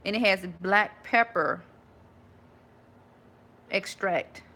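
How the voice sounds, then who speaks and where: A woman's voice: mid-range voice, extremely slow, pushed and bright. A woman chatting casually with live viewers from her home, rambling with many restarts. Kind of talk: casual live-stream chat.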